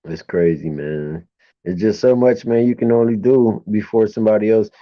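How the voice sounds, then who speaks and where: A man's voice: lowish voice, moderate pace, no room sound, muffled recording. A man guesting on a casual live chat, laid-back and profane.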